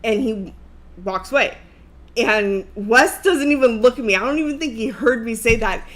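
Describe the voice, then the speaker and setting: A woman in her thirties hosting a livestream, telling a story in a casual, animated, profane way and laughing along the way. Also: on the high side, moderate pace. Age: 30s. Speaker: livestream host.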